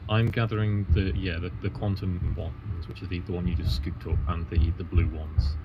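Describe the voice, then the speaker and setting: Low-voiced man on muffled voice chat. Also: fairly even intonation, moderate pace, background noise. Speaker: fellow player. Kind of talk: casual voice chat. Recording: muffled voice chat over music.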